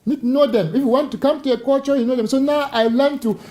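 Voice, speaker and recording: Man, mellow storytelling guest. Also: extremely high pitch, fast, low-quality recording. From Cameroon. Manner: animated storyteller, repeats words when starting a thought. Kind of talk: talk show conversation.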